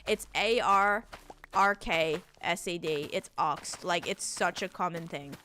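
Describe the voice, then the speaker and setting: A woman's voice: on the low side, measured pace, sharp tone, slight background noise. Chatty Australian woman streamer. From Australia, Sydney. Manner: chatty, rambling, reads out and answers chat. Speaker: game streamer. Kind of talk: casual livestream chat with viewers.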